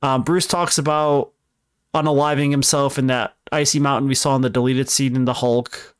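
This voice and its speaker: Rambling young man recapping with smooth voice. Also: mid-range voice, fairly even intonation, normal speed, no room sound, clean studio sound. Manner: rambling, self-correcting recap with laughs. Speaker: podcast co-host explaining films. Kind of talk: casual podcast chat.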